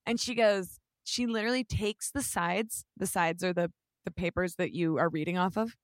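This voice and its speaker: A young woman in her twenties, co-hosting a casual chat and telling a story with lively acted-out quotes. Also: lowish voice, moderate pace, no echo. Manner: animated storytelling, acting out quotes.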